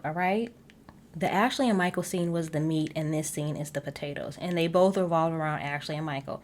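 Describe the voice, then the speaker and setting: A woman's voice: fairly low pitch, darkish tone. A young woman, giving a chatty, sassy recap of a reality TV episode, laughing often and dropping playful asides. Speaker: recap host. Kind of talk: casual TV recap commentary.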